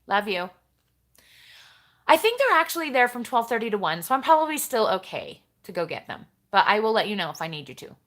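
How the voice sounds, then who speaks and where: A woman's voice: medium pitch, very animated, brisk, a bit bright. A woman hosting a casual live stream, chatting in a rambling way and talking straight to her viewers as she reads their comments. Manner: chatty and rambling, jumps between topics, talks straight to viewers.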